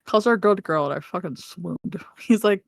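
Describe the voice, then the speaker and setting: A woman co-hosting a podcast, casually recapping a fantasy novel with animated storytelling, frequent laughs and playful swearing. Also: fairly low pitch, normal speed, gravelly, no room sound, clean studio sound. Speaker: podcast co-host.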